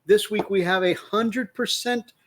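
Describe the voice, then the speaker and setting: A man co-hosting a casual live-stream chat, jokey and quick to laugh. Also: sits high, a bit bright. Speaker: podcast co-host.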